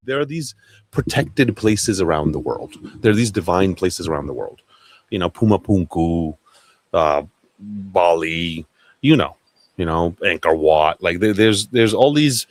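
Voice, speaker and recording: Man, low voice, profane rambling livestream host, dry close sound. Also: no echo. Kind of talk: casual livestream talk.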